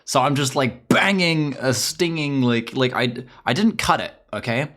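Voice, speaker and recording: A man's voice: mid-range voice, animated, normal speed, a bit bright. A man with an English accent streaming a game, chattering casually in a profane, rambling, ranting way.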